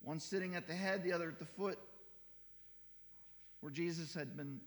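A man's voice: fairly high pitch, moderate pace, in a large hall. A male pastor preaching a sermon in a church, emphatic and repetitive with stumbling restarts.

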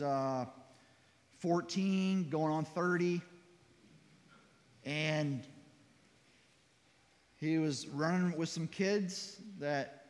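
A middle-aged man preaching a sermon as a pastor, telling a heartfelt story that swings between loud and hushed. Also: sits high. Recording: reverberant hall sound.

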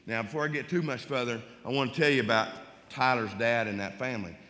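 A middle-aged man with a drawl tells a Christian testimony in a folksy, heartfelt way. He repeats words when he is moved and swings from urgent, loud stretches to hushed, choked ones. His voice is at an average pitch for a man and carries a long reverb, as if in a large hall. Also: fast. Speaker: Christian speaker telling a testimony. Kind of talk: emotional storytelling testimony.

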